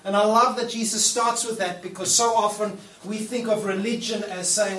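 A man's voice: high-pitched, fairly even intonation, normal speed, few pauses, a bit bright. A man preaching a sermon in a church hall. He talks in a casual, playful way and acts out the prayers he quotes. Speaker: pastor. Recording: echoey room, mic at a distance, faint noise.

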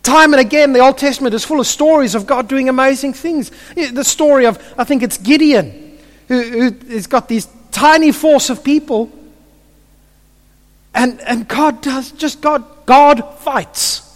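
High-voiced preacher, echoing hall. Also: male voice, unhurried. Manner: stammering restarts, vivid storytelling. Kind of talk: sermon. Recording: long hall reverb.

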